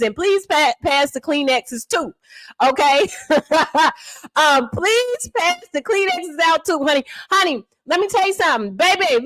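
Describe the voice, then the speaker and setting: A woman's voice: high voice, a bit bright, dry recording. A woman hosting a live stream, retelling events with theatrical flair and calling her viewers honey and baby. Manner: dramatic, theatrical, calls listeners honey and baby. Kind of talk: animated storytelling commentary.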